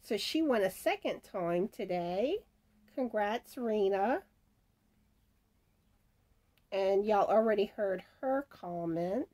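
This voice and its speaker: Announcing giveaway winners on her crochet channel, a woman chats casually, reads comments aloud, and stumbles over names. Her mid-range voice is warm with lively intonation, and she speaks slowly with long pauses.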